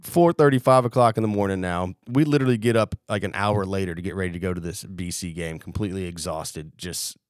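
A man's voice: low-pitched, fast talker, hardly any pauses, no echo, studio quality. A young man casually telling a wild story on a podcast, swearing freely and acting out what people said. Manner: animated, profane, acts out quotes. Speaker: podcast co-host.

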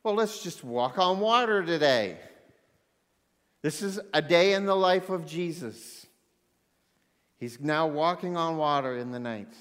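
Male preacher, fairly high voice, lively and then suddenly hushed, long reverb of a big hall. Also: measured pace, pauses often. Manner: animated, swings between loud excitement and hushed intensity. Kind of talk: sermon.

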